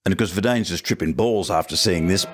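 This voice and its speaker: A man's voice: sits low, fast. A man hosting a podcast, reviewing an episode in a wry, joking commentary and firing off rhetorical questions. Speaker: podcast host.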